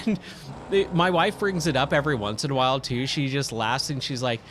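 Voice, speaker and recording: A man's voice: a little high, fairly quick, noisy background. A man in his thirties, a gaming streamer, casually telling a rambling story full of fillers and self-corrections. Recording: loud racing game sounds underneath.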